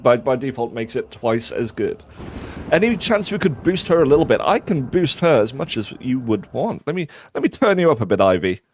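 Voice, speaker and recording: Male stream host, mid pitch, teasing chatter, light background hiss. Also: big pitch swings, moderate pace. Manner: chatty, teasing, with stammered restarts. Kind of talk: casual let's-play chat.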